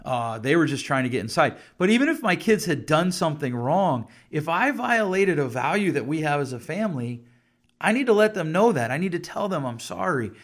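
A middle-aged parenting podcast host and counselor speaks to camera in a reflective solo talk, his slightly high voice swinging widely in pitch at a fairly quick clip. He's candid and open about himself, acting out little conversations with his kids.

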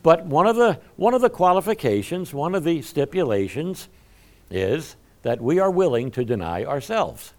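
A man's voice: on the high side, normal speed. A male pastor giving a conversational sermon, joking about himself and speaking straight to his congregation. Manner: animated, humorous, self-deprecating storytelling; talks to the congregation directly.

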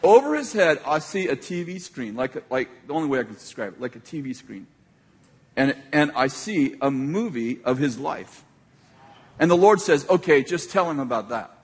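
A man preaching a sermon as an animated storyteller, laughing often as he tells a story to a hall audience. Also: on the high side, normal speed, husky. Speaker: pastor. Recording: echoey hall.

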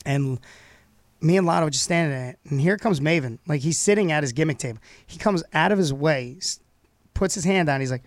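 A man co-hosting a casual podcast chat, an animated storyteller who laughs often. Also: a little high, brisk, no room sound. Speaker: podcast co-host.

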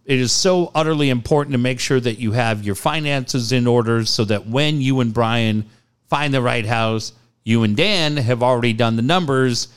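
A male radio host in his forties with a smooth, clear voice. He talks bluntly and with animation, swinging through stories and laughing along the way. His everyday register is mid-pitched. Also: moderate pace. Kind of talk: casual sports talk and live ad reads.

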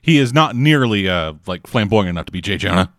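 A man's voice: on the low side, animated, a little fast, no room sound, clean studio sound. A man riffing on a movie with friends, crude and sarcastic, swearing often. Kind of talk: casual riffing banter.

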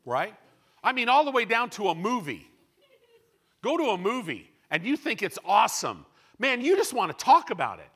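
A man preaching a sermon to a congregation, moving between loud, emphatic bursts and quiet, measured asides. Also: high voice, wildly swooping pitch, breathy edge.

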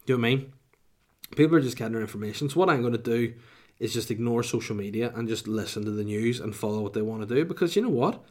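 A man's voice: medium pitch, fast, darkish tone. A young adult man with a Northern Irish accent, a comedian ranting to camera in a rambling, sweary way full of asides.

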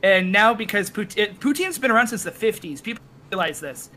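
Man, Canadian accent, high pitch, bright voice, animated storyteller, swears a lot, faint background noise. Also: fairly quick. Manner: animated storyteller, swears freely, acts out quotes. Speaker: podcast guest. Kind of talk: casual storytelling.

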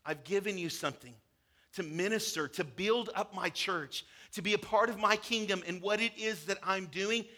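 A man preaching a sermon as a pastor, telling a parable with animated voices for its characters. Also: high-pitched, normal speed, few pauses.

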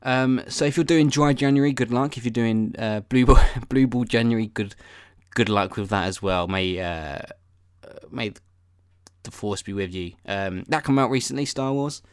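A man's voice: mid-range voice, normal speed, clear, resonant tone, no room sound, studio quality. A man hosting a solo podcast, rambling off-topic in a self-deprecating way with casual swearing. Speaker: podcast host.

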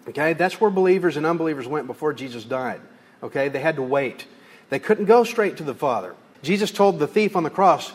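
A man preaching a sermon as pastor, in a folksy, conversational way with homey examples. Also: a little high. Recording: long hall reverb.

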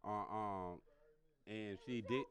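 A man co-hosting a podcast, speaking softly and hesitantly with many pauses and fillers. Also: lowish voice, a crowd in the background. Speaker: podcast co-host. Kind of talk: casual chat.

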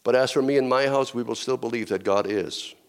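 A man's voice: mid-range voice, fairly quick. A middle-aged male pastor preaching a sermon in a conversational way, with asides, restarts and repeated phrases.

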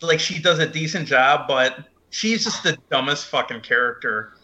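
A man's voice: mid-range voice, normal speed, sharp tone, dull audio. A man on a podcast, swearing and ranting heatedly about a film in casual chat. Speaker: podcast co-host.

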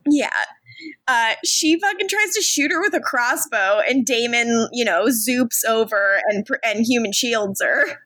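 A woman's voice: a little high, measured pace, pushed and bright. A woman co-hosting a podcast, chatting casually and laughing often, acting out character lines as she recaps. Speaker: podcast co-host.

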